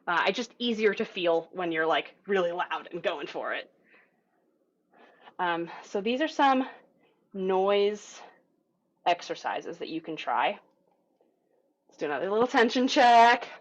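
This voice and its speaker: A woman's voice: fairly low pitch, lively intonation, unhurried, pauses often. A woman teaching a group voice lesson over a video call, in a casual, encouraging way, with filler words. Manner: casual, encouraging, demonstrates vocal sounds. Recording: dull lo-fi video call audio.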